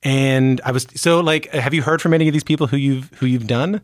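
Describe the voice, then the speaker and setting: A man's voice: medium pitch, brisk, dry recording. A man hosting a casual interview, chatting candidly. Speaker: host.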